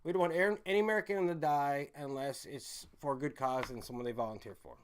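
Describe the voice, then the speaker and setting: Guy rambling on his stream, cussing a lot, reading chat out, gets loud then mumbles low. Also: fast, background noise. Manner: loose, rambling, profane, reads chat comments aloud; swings from loud emphatic bursts to low mumbles. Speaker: livestream host. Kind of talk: casual rambling livestream chat.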